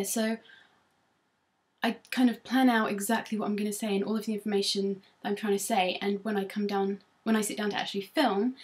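A young English woman with a soft Norfolk accent talks casually to her computer webcam from a room at home. Her voice sits at an ordinary middle pitch. She rambles self-consciously and fills the gaps with frequent ums. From Norfolk, England. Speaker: beauty vlogger. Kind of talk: casual chat to camera.

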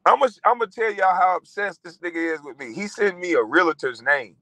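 A man in his forties delivers a profane rant in a raised, bright voice that swings widely up and down. He is mocking and animated. The sound is dry and close. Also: high voice, brisk, few pauses, dry recording, rough recording. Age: 40s. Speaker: vlogger. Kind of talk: profane ranting monologue.

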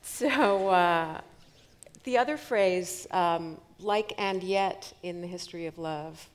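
A woman's voice: fairly low pitch, takes it slowly. Hesitant woman interviewer onstage. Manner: hesitant, lots of ums. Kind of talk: live onstage conversation.

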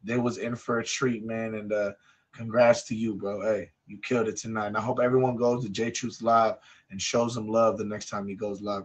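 A man hosting a live stream, talking casually and supportively to his guest, often tagging lines with bro and man. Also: on the low side. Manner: warm, encouraging, says bro and man a lot.

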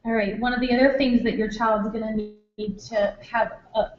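A woman's voice: fairly high pitch, steady tone, moderate pace. A woman teacher presenting a workshop to parents, chatty, with many fillers and restarts. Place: school room or hall. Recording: echoey room, dull lo-fi sound.

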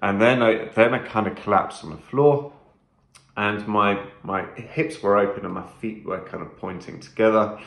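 A man's voice: lowish voice, normal speed, creaky, a bit bright, echoey room. A man vlogging a first-person trip report, talking intensely and emphatically, swearing often and repeating phrases.

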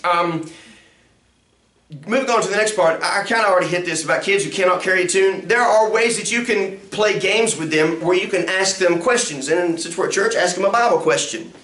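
A man, a pastor teaching a music ministry class in an animated lecture that swoops up and down in pitch. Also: fairly quick. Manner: acts out sounds and quotes with big pitch jumps. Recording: roomy echo.

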